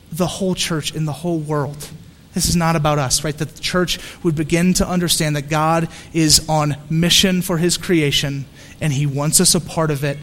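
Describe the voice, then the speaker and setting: A man with a fairly high voice preaches a sermon. His delivery is animated and earnest, full of restarts and repetition. The sound carries a long reverb tail, as if in a large hall. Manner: animated storytelling with repeated restarts. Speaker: pastor.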